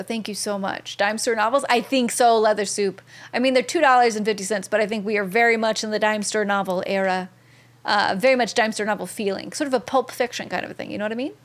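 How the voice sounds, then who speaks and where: A young woman streaming a video game, chatting in an upbeat way and thanking viewers by name. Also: medium pitch. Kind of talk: casual live-stream commentary.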